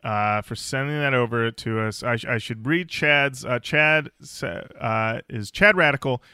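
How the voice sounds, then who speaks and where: A man's voice: mid-range voice, measured pace, bright, forceful tone, clear, resonant tone, dry recording, clean studio sound. A man co-hosting a podcast in casual chat, rambling with fillers and restarts. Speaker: podcast co-host.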